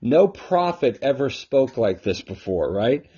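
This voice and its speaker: A man's voice: mid-range voice, big pitch swings, unhurried, mellow, husky. A man hosting a casual Scripture teaching talk from his home, emphatic and often checking in with a rhetorical "right?". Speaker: host and Bible teacher. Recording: dull lo-fi recording.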